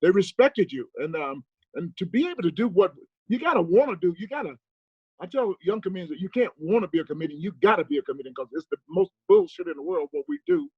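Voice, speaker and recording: A man, a guest comedian, chatting casually on a video call and acting out family stories with animated delivery. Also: high-pitched, quick pace, gravelly, breathy edge, no echo, dull audio. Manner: animated storyteller, mimics his dad. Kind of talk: casual chat.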